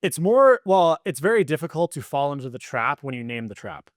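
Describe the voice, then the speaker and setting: A man being interviewed as a guest on a podcast, talking in a rambling, animated way full of fillers. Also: a little high, brisk, dry recording, studio quality. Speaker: podcast guest, business coach. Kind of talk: casual interview chat.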